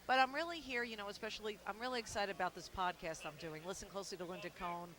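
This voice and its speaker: A middle-aged woman from New York with a New York accent, a sportscaster guest in a casual radio interview, talking in a sarcastic, animated way. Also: mid-range voice, quick pace.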